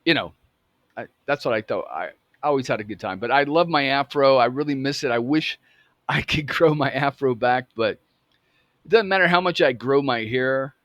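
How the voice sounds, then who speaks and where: A man's voice: medium pitch, normal speed, fairly bright tone, no room sound, studio quality. Rambling, chatty man in his fifties. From United States. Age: 50s. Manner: rambling, self-correcting, laughs at himself. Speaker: vlogger. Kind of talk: casual storytelling.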